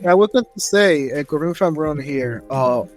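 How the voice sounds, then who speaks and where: A man hosting a podcast interview who speaks haltingly and fills his sentences with fillers. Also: fairly high pitch, lively intonation, soft background music. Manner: halting, hesitant, frequent fillers. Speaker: podcast host. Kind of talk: casual podcast chat.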